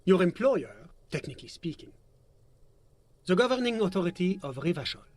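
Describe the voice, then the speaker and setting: Game NPC: a courteous, formal official with a slightly higher voice, explaining at length. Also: male voice, very animated, normal speed, darkish tone. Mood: measured, explanatory. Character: polite male bureaucrat commissioner, formal and measured. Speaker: game character. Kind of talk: video game voice acting.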